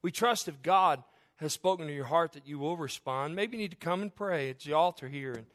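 A man's voice: fairly high pitch, fairly quick. Fervent preacher man, rising and falling. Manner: fervent, swings from soft to loud, with chuckles. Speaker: pastor. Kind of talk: sermon.

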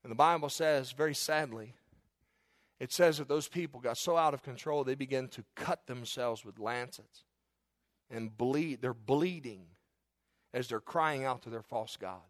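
A man preaching a sermon, moving between loud emphatic peaks and soft hushed passages, and reading scripture slowly and dramatically. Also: medium pitch. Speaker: pastor.

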